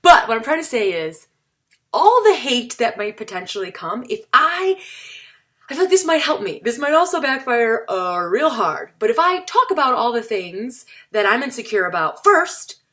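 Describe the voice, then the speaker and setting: Woman, vlogging to camera, self-mocking, chatty, pitch leaps around. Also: big pitch swings, normal speed, fairly bright tone. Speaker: stand-up comedian vlogging. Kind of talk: casual to-camera vlog talk.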